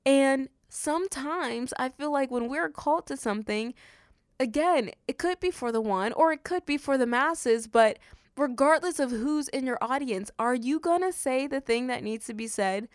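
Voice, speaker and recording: A woman's voice: high-pitched, normal speed, no echo, studio quality. A woman hosting a casual Bible study podcast, talking conversationally and acting out quotes. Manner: conversational, animated, acts out quotes with "he's like". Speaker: podcast host.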